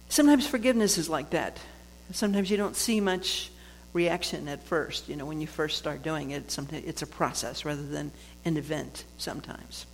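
A woman giving a reflective spiritual talk, conversational and quick to laugh, with frequent restarts. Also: deep voice. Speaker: speaker sharing a book's lessons on forgiveness. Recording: long hall reverb with faint noise.

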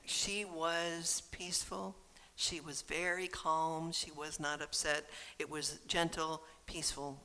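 Gravelly, bright reflective speaker. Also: medium pitch, fairly even intonation, slow. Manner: gentle, earnest and reflective. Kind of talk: reflective personal talk.

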